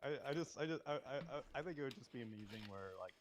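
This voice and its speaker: A man chatting on a livestream, excitable, often stumbling over his first words. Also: mid-range voice, quick pace, noisy background. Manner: excitable, stammering restarts. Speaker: livestream co-host. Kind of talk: casual chat.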